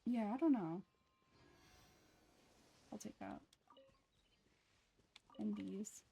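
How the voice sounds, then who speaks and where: A woman's voice: medium pitch, expressive, extremely slow, vocal fry, warm tone, slightly rough. A young woman chatting casually over gameplay in a self-deprecating, giggly way. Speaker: voice acting hobbyist.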